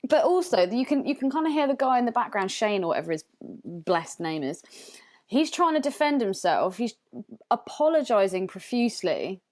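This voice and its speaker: A woman's voice: a little high, very animated, moderate pace, a little mellow. A woman co-hosting a podcast in casual chat, blunt and emphatic, swearing freely. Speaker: podcast co-host.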